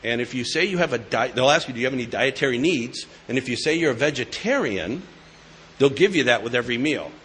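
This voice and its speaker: A man's voice: mid-range voice, lively intonation, fast talker, a bit bright, slight background noise. A man sharing his recovery story with an audience in a casual, joking way, with a New England accent. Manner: conversational, joking asides. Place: meeting hall with live audience.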